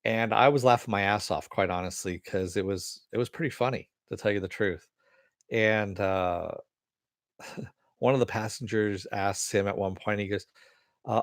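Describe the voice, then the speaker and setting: A man's voice: on the low side, steady tone, normal speed, no room sound, clean studio sound. A man hosting a podcast, chatting casually and rambling through entertainment news with a laid-back, profane manner and frequent laughs. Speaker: podcast host. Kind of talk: casual chat reading listener comments.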